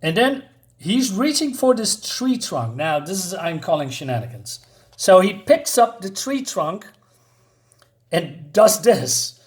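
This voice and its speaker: A man's voice: high-pitched, big pitch swings, slow pace. A man reviewing a comic book in a chatty, casual way, with many fillers and asides.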